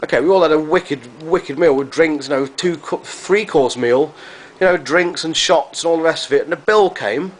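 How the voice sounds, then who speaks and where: A man's voice: a little high, moderate pace, a little hiss or hum. A man chatting to camera in a rambling, effusive vlog, repeating himself as he goes. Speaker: vlogger. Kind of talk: casual chat to camera.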